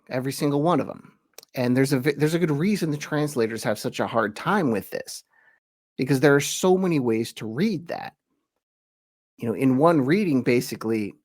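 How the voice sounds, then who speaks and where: Male teacher-host, mid pitch, casual explainer, slows for emphatic quotations, dry close mic. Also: no echo. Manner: reads quoted verses slowly with emphasis; relaxed, chatty explaining with asides. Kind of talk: conversational lesson.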